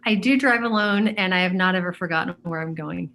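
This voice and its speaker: A woman talking as an interview guest in casual conversation, hesitant and pausing with many fillers as she searches for words. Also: on the low side, fairly bright tone, slight background noise.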